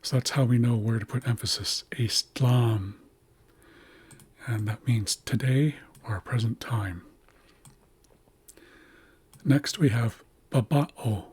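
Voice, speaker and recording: A man teaching a language's writing system, slowly explaining letters and repeating words to model their pronunciation. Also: mid-range voice, a little mellow, breathy edge, dry recording.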